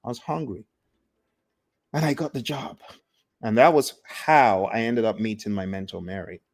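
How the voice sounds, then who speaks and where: A man's voice: lowish voice, fairly even intonation, moderate pace, no room sound. A man coaching through a livestream in an emphatic, preachy way, repeating phrases and using casual slang. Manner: casual slang like "ain't" and "gotta". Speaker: PMP coach and trainer. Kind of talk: motivational livestream talk.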